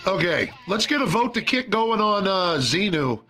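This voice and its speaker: A man's voice: high-pitched, sing-song, normal speed, sharp tone, soft background music. A man emceeing an open mic in a brash, sarcastic, swearing manner. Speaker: open-mic emcee in a virtual chat room. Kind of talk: casual emcee banter. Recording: crowd chatter behind.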